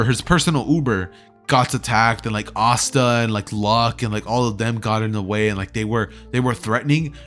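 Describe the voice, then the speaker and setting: A man's voice: mid-range voice, a bit bright. A young man casually retelling a fan story as a YouTuber. He rambles and fills his talk with "like" and "you know".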